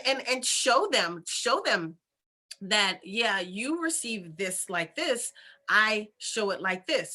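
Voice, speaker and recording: A woman's voice: medium pitch, sharp tone. A woman hosting her own channel, giving casual spiritual advice in a chatty way, repeating phrases and checking in with listeners. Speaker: intuitive healer and channel host.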